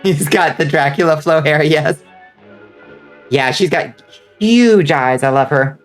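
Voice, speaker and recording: A woman's voice: low-pitched, slow pace, faint music behind. A woman streamer chatting casually with her viewers, joking, laughing often and answering chat. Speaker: vtuber streamer.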